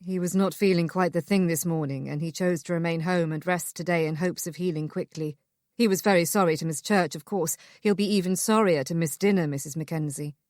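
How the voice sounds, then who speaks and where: A woman voicing a charming young gentleman with a deep voice and a dry, playful way of talking, in an audiobook. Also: steady tone, a little fast, dry recording, lightly acted. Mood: strained.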